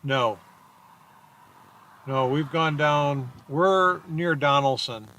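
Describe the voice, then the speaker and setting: A man's voice: a little high, drawn-out words, bright, forceful tone, a little hiss or hum. A man chasing storms, chatting casually from inside a car, rambling and joking as he plays with place names. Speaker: storm chaser. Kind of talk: casual chat while driving.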